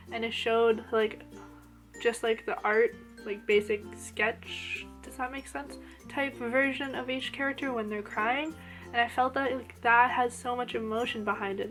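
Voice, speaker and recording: Young woman with a higher voice gushing about an anime ep, says like a lot, soft music under it. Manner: gushing and animated, lots of "like" fillers. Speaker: anime reviewer. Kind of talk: casual episode review.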